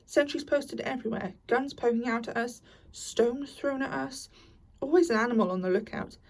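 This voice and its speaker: A woman's voice: fairly high pitch, normal speed, creaky, darkish tone, distant mic. A woman doing a homely, grumbling mole. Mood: grumpy. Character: kindly, blunt, hungry male mole.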